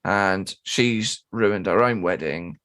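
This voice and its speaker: A man co-hosting a podcast, telling a gig story in casual chat, swearing and mimicking people in high squeaky voices. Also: slow, a bit bright. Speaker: podcast co-host and drummer.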